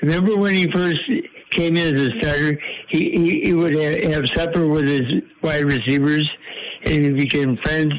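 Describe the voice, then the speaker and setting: A man calling in to a radio show, chatting casually in a rambling, halting way. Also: on the high side, fairly even intonation, poor audio. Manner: rambling, halting, with fillers and restarts. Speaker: regular caller. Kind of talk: casual call-in radio chat.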